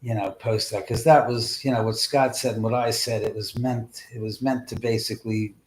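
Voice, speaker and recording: A man hosting a live stream, swearing in frustration at technical glitches, swinging from muttering to shouting. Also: mid-range voice, fairly even intonation, normal speed, a little hiss or hum. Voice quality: loud profane outbursts, swinging from mutters to shouts. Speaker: livestream host. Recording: roomy echo, mic at a distance.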